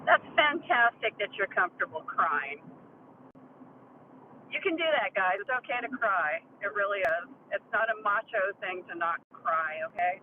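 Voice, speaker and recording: A woman's voice: medium pitch, animated, normal speed, phone-quality sound, slight background noise. A woman chatting casually on a live audio space, emphatic and laughing at herself. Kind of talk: casual chat.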